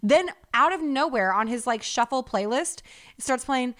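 High-voiced, profane woman telling a story. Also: moderate pace. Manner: animated, profane, acts out other people's lines. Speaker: podcast co-host. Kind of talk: casual storytelling chat.

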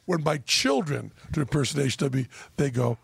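A man's voice: medium pitch, a little fast, vocal fry, slightly rough, no room sound. A middle-aged man from New England hosting a casual backstage chat, blustering and swearing freely. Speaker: podcast host.

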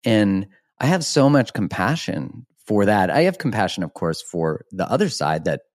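A man's voice: fairly low pitch, very animated, moderate pace, dry recording, clean studio sound. A man hosting a podcast, talking frankly and animatedly, laughing and swearing casually as he shares his views. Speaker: podcast host. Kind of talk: candid conversational interview.

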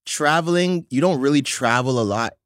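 A man from Toronto with a Toronto accent, chatting as a guest and telling stories in an animated way. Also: mid-range voice, normal speed, smooth, dry recording, studio quality. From Toronto, Canada. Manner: animated storyteller, many fillers. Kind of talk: casual chat.

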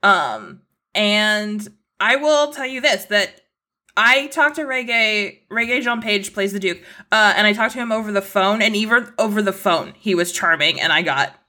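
A young woman with a bright, sharp voice, talking as a journalist guest on a casual podcast. She rambles freely, stringing thoughts together with constant "like"s. Her pitch sits at an ordinary middle height for a woman. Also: lively intonation, normal speed. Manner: rambling, many "like" fillers, laughs often.

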